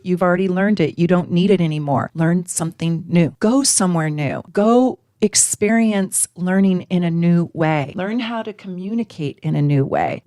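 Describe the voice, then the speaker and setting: Low-voiced woman, emphatic and frank. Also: darkish tone, dry recording. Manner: emphatic, piles up lists of words, frank with mild swearing. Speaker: astrologer. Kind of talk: casual astrology teaching to camera.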